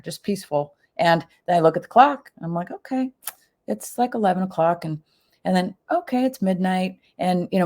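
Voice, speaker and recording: A middle-aged woman, a podcast guest, telling a personal story in casual chat, full of fillers and acted-out quotes. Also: fairly low pitch. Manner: animated, many fillers and quoted asides.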